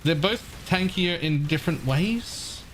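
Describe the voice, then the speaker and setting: A man's voice: sits high, measured pace, slight background noise. Casual, cussing male game streamer. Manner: relaxed, answers chat questions, swears casually. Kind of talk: casual live gameplay commentary.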